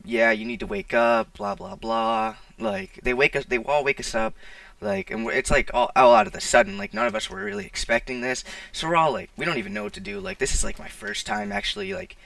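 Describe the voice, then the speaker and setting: A man's voice: high voice, sing-song, quick pace, creaky, fairly bright tone, no echo. A teenage boy telling a casual storytime, rambling with lots of "like" and restarts, recorded on a poor mic. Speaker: vlogger. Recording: distant, dry, poor-quality mic.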